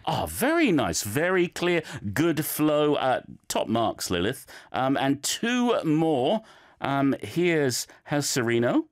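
A man's voice: on the high side, very animated, slow. A man teaching, giving chatty, encouraging feedback on learners' recorded clips with plenty of fillers.

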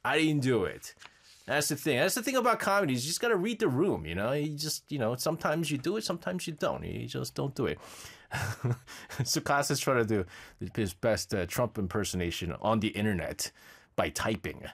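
Lively chatty male radio host. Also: mid-range voice, moderate pace, gravelly. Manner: chatty, laughs often, many fillers and restarts. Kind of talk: casual live radio chat reading listener messages. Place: radio studio.

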